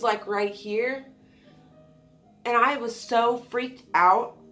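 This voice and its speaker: A woman's voice: mid-range voice, fairly bright tone. A young woman telling a personal story to her viewers in a casual, candid way, swearing freely and acting out what people said. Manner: candid, swears freely, acts out quotes with shrieks. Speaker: storytime vlogger.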